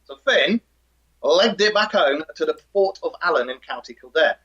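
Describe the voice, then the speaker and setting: Bright-voiced man, dry jokey co-host. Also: a little high, expressive, normal speed, breathy edge. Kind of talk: live show chat and story reading. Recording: dull lo-fi audio.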